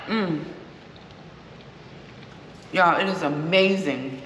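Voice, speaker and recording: A woman hosting a cooking vlog speaks slowly in a voice on the low side, pausing often as she chats casually and savors her food between lines. A little hiss or hum is present, set in an echoey room with long reverb.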